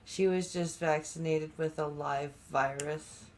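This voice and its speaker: Slow, low-voiced woman talking politics. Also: steady tone, low-quality recording. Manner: halting, sarcastic, many restarts. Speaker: podcast panelist. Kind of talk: casual political chat.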